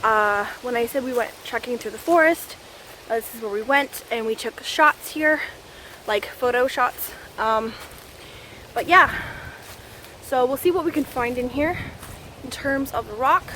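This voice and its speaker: A woman's voice: a little high, measured pace, pushed and bright. A Canadian woman vlogging casually on a walk through the woods, out of breath and rambling with lots of fillers. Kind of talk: casual vlog chat while hiking. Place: woods outdoors. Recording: faint outdoor background noise.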